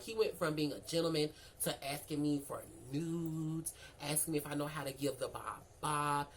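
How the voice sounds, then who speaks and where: A young woman spins a casual storytime tale, her speaking voice sitting on the low side. She is animated and profane, acting out both sides of each conversation. The delivery is loose and chatty. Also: slight background noise, poor audio.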